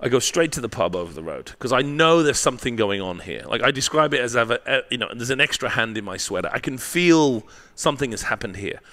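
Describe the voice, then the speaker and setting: Brief: male guest, lively pitch, swears freely, punchy anecdotal delivery, checks in with "right?". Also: fast, few pauses. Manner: profane, animated storyteller with tag questions. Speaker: guest, marketing professor. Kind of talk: candid storytelling interview.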